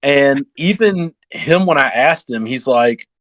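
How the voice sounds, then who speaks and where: A man's voice: medium pitch, animated, takes it slowly, fairly bright tone, no echo, rough recording. Rambling young man telling a racing story. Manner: rambling, heavy fillers, acts out others' lines. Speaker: podcast guest, off-road racer. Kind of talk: casual storytelling chat.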